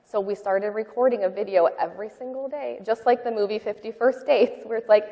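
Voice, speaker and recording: A woman sharing a personal testimony in a church interview, talking in a halting, heartfelt way with many fillers. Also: medium pitch, long reverb tail, highs cut off. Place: church sanctuary.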